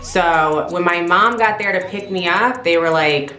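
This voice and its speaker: Female vlogger, animated storyteller with a loose, profane delivery; roomy recording with faint music. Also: fairly low pitch, moderate pace, few pauses. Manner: animated, swears freely. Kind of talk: casual storytelling.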